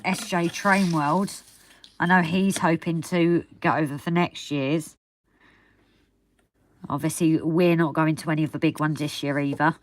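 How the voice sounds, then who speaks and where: A woman chatting casually while building a model railway, teasing her partner. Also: fairly low pitch.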